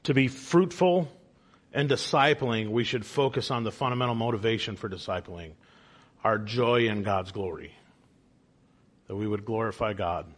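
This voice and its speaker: A man's voice: lowish voice, normal speed. A man, father of a young child, teaching a church Bible study class in an earnest manner and posing questions to the group. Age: adult father of a young child.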